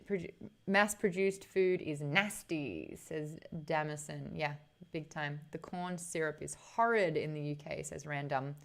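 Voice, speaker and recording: A woman's voice: medium pitch, fairly bright tone. A young Australian woman streaming live, chatting casually and reading her viewers' comments aloud in a bubbly way that breaks into laughs easily.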